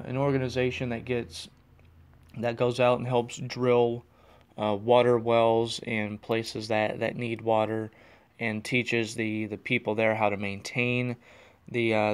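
A man hosting his own casual podcast, rambling and self-deprecating, talking with excitable energy, recorded while in his car. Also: medium pitch, smooth. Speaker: podcast host. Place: in a car on the road.

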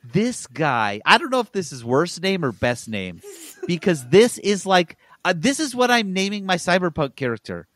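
A man co-hosts a casual gaming podcast, launching into animated, jokey, emphatic rants. His voice sits high and moves at a moderate pace, and the recording is dry.

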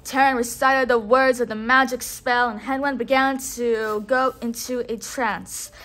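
A woman reading a storybook aloud expressively, pausing to have a listener repeat words. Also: a little high, steady tone, fairly bright tone. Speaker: storybook reader. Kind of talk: read-along storytelling for a child.

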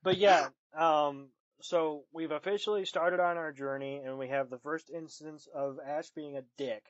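A man co-hosting a podcast, trading dry, deadpan jokes and dropping casual swears. The sound is very dry with no room, and a little dull and lo-fi. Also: a little high, normal speed, no room sound. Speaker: podcast co-host. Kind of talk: casual chat recapping an episode.

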